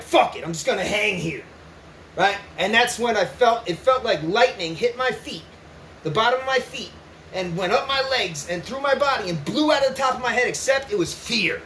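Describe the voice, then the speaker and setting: A man's voice: very high-pitched, fairly bright tone. A man telling his story to viewers while riding an exercise bike, in a rambling, profane way, often asking "right?". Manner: breaks into laughs. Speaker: vlogger. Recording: roomy echo with faint noise.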